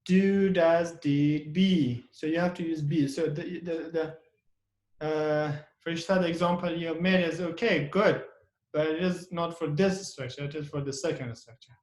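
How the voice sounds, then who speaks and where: A man's voice: fairly high pitch, steady tone. Man teaching English in an echoey room. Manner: slow stressed example sentences, frequent restarts. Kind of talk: online class lesson.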